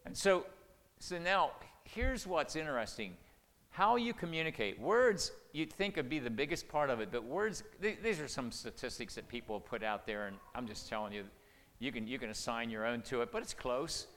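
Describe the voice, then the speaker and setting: A man's voice: mid-range voice, expressive, normal speed, fairly bright tone. Older male seminar speaker, mid-range voice, earnest and folksy, long reverb of a hall. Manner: earnest, conversational, many restarts and "okay?" check-ins. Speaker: marriage-preparation speaker.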